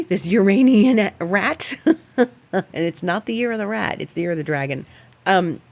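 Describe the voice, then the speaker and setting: A middle-aged woman astrologer hosting her show, telling an animated, chatty story and laughing often before giving her forecast. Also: sits low. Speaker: astrologer host.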